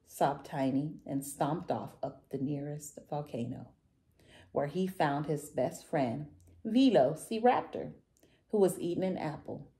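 A woman reading a picture book aloud to children, warm and sing-song. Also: deep voice, measured pace. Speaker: children's story reader. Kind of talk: read-aloud storytelling for kids.

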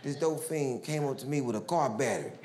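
Animated comedian on a roomy stage. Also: male voice, brisk. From Houston, Texas. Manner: animated, acts out characters with big pitch swings. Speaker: stand-up comedian. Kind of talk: stand-up storytelling. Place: large live comedy venue. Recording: roomy live stage recording with loud crowd noise. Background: audience laughter.

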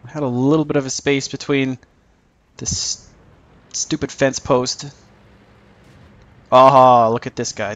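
A man's voice: mid-range voice, a little hiss or hum. A man giving casual, joking commentary over his own tank gameplay, mocking himself and chuckling often.

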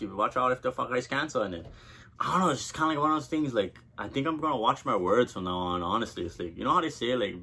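A man's voice: medium pitch, pushed and bright, breathy edge. A man vlogging from Hawaii, talking casually to camera and telling a personal story with loose, profane chatter.

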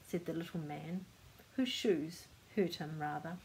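An older woman reads a picture book aloud in a gentle, unhurried way. She stops now and then to point out details in the pictures, as if to a child beside her. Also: low-pitched, slight background noise, low-quality recording. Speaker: storyteller.

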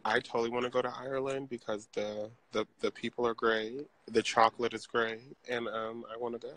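A man's voice: medium pitch, little pitch movement, a little fast, a bit bright. Sassy man livestreaming from a craft store. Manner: chatty, sassy, addresses viewers as y'all. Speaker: drag performer livestreaming. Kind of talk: casual live-stream chat. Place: indoors in a large craft store.

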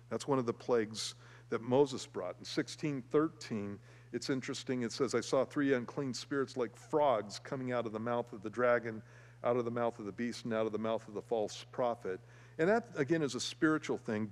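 A man preaching a verse-by-verse Bible teaching as a pastor, speaking conversationally with many fillers and restarts and getting animated when he tells stories. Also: mid-range voice, in a large hall. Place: church sanctuary.

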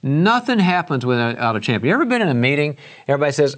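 A middle-aged man giving a leadership lecture at a university, lively and conversational, acting out bits of meeting dialogue and often restarting his sentences. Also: on the high side, quick pace. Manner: animated, acts out meeting dialogue with frequent restarts. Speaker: guest lecturer.

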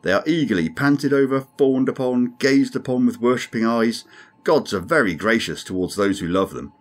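A man voices a grim, sardonic male alien crewman, pitching his mid-range voice above his own and acting it lightly. At normal speed the character speaks dryly, insistently and ominously.

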